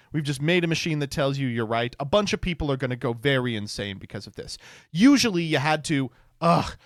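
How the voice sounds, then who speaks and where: A man's voice: a little high, a bit bright, dry recording, clean studio sound. A man streaming and reacting to posts in casual commentary, sardonic and swearing freely.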